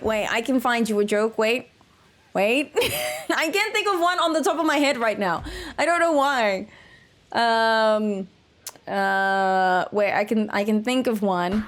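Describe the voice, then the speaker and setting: A woman streamer chatting casually with her viewers, playful and jokey, giggling at her own jokes. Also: on the high side. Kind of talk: casual live-stream chat.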